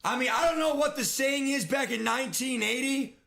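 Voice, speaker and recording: A man's voice: very high voice, brisk, vocal fry, sharp tone. A young man streaming a football video game, ranting and swearing in frustration as he plays. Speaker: gaming streamer. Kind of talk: live game commentary rant.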